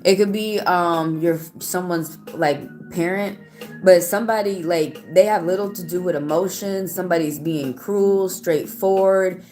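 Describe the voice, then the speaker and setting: Woman, tarot reader, lower voice, blunt, profane, faint background music. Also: measured pace, a little mellow. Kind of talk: live-stream tarot reading.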